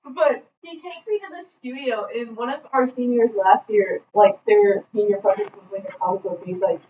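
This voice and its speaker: A young woman co-hosting a podcast, telling a college story in an animated way, laughing as she goes. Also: on the high side, normal speed. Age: young adult. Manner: animated, laughing, imitates a thick accent in quotes. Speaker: podcast co-host. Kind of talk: casual storytelling chat. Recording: roomy, distant, dull sound with faint noise.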